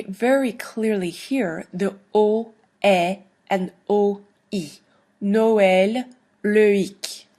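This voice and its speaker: A woman teaching a recorded online lesson, explaining slowly and deliberately with playful asides. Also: medium pitch, a little mellow, breathy edge. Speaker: language teacher.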